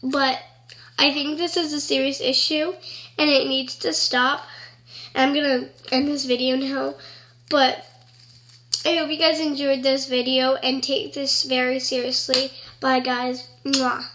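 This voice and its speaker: A woman with a high, bright, ringing voice talks straight to camera in a loose, rambling vlog style. She fills her sentences with "like" and sounds earnest about every point. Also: level tone, measured pace. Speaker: vlogger. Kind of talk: casual chat to camera.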